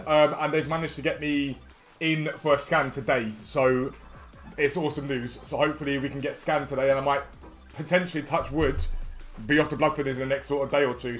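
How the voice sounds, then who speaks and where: A man chatting live on a game stream, upbeat and greeting viewers one by one. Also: fairly high pitch. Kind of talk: live stream chat over gameplay.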